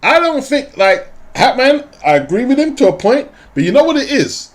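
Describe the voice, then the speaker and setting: A man in a casual boxing chat, animated and laughing, full of slang. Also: very high voice, moderate pace. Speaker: boxing show co-host.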